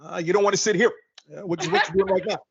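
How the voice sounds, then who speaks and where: Brief: male comic playing a soothing statesman, slow and full of pauses. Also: high voice, fairly even intonation, gravelly, breathy edge, highs cut off, heavily acted. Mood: calm. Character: calm measured male politician.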